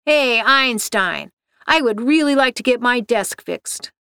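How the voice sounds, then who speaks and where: A woman's voice: on the high side, lively intonation, unhurried, sharp tone, clear, resonant tone, no room sound, clean studio sound, heavily acted. A woman reading the part of a bossy, impatient male office manager who gives curt demands. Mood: demanding.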